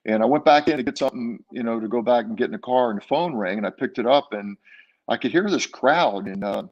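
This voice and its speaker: A man's voice: medium pitch, quick pace, a little mellow, dull audio. Older man telling stories in an interview. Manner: rambling, many fillers and restarts. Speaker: guest, former baseball player. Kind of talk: casual interview storytelling.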